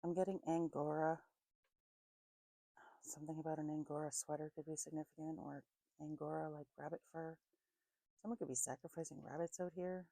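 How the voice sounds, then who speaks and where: A woman's voice: low-pitched, fairly even intonation, a little fast, creaky, pauses often, mellow, no room sound, low-quality recording. A woman giving an intuitive psychic reading, musing aloud, spelling out names letter by letter and correcting herself as she goes. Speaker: psychic reader.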